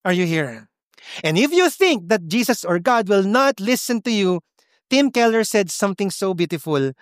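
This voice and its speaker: A man, preaching a sermon at a church service in a lively way that mixes English and Tagalog. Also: sits high, normal speed, dry recording, studio quality. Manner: animated, switching between English and Tagalog, laughs often. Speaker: pastor.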